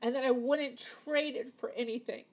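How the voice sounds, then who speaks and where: A woman's voice: sits high, fairly even intonation, moderate pace. Chatty woman in her thirties. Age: 30s. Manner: chatty, many fillers, acts out dialogue. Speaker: vlogger telling a personal story. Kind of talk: casual storytelling to camera.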